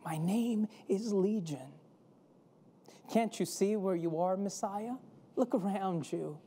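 A woman's voice: medium pitch, slow pace, warm tone, breathy edge. A woman voicing a troubled, fearful man cast out from his town, quoted in a sermon with a pleading, intimate delivery. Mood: anguished.

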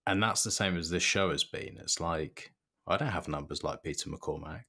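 A man with a low voice hosts a podcast. He talks bluntly and with energy, swearing freely as he chats. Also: normal speed. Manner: blunt, profane, animated. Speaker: podcast host. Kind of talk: casual podcast chat.

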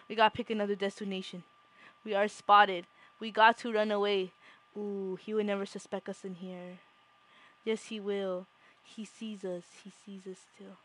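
A young woman streaming a game, chatting playfully and swinging from hushed spy whispers to loud shrieks. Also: mid-range voice, level tone, normal speed. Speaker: gaming streamer. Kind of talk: casual live-stream commentary.

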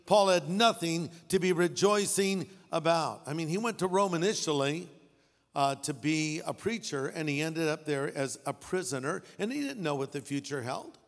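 Animated preaching man in echoing hall. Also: fairly high pitch, moderate pace. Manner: animated, jokey, acts out characters. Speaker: pastor. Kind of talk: sermon. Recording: long hall reverb.

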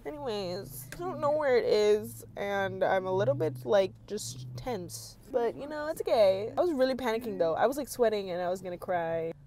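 A woman's voice: medium pitch, expressive, normal speed, hardly any pauses, a little mellow. A young woman chatting casually in a vlog, bubbly and giggly, full of "like" fillers. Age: young adult. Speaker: vlogger, college dance team member.

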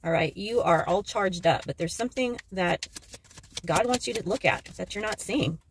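A woman reading tarot cards in a loose, chatty way, with a gravelly, creaky edge to her voice at a middle pitch. She gets excited easily, cracks jokes and swears freely as she talks to her viewers. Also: normal speed, noisy background. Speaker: tarot reader. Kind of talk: casual tarot card reading.

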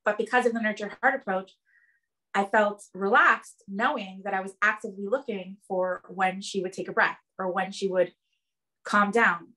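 A woman's voice: mid-range voice, normal speed. A woman in casual conversation, earnestly telling a parenting story with lots of "like" and "um". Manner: earnest, animated storytelling with many "like" and "um". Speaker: guest sharing parenting experience.

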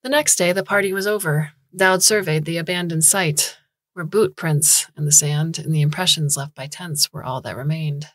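A woman narrating a science fiction short story in a calm, even storytelling manner. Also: sits low, normal speed, dry recording. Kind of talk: scripted audiobook narration.

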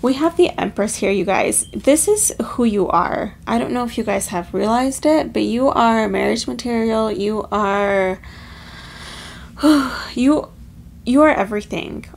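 Female tarot reader, higher voice with gravelly fry, chatty and emotional. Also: a little slow, slight background noise. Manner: chatty, filler-heavy, emotional. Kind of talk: casual pick-a-card tarot reading.

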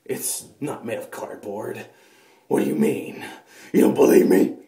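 A man's voice: medium pitch, measured pace, vocal fry, warm tone. A man doing an impression of a grizzled male soldier, in a harsh unvoiced whisper, recorded in an echoey bathroom. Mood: gruff.

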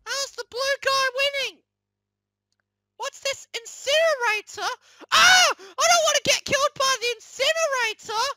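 A squeaky, frantic plush toy. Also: no room sound, heavily acted. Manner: shrieking, frantic yelling while playing. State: hoarse after an illness. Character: squeaky plush toy character, excitable and panicky. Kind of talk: gaming comedy voice acting.

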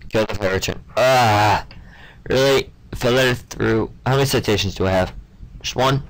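A man's voice: lowish voice, moderate pace, a bit bright, low-quality recording. A young man giving casual gameplay commentary, stumbling over names and muttering offhand asides. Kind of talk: casual let's-play commentary.

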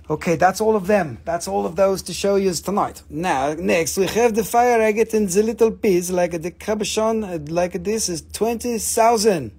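A man hosting a live mineral sale, joking, swearing, and pitching his stones with enthusiasm. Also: normal speed, creaky, darkish tone, slightly rough. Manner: joking, profane, enthusiastic salesman. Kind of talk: livestream sales chat.

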